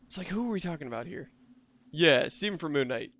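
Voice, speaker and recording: A man's voice: a little high, expressive, a little fast, a bit bright, no echo. Chatty man streaming a game. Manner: chatty, self-deprecating, joking with chat. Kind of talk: casual live-stream chat.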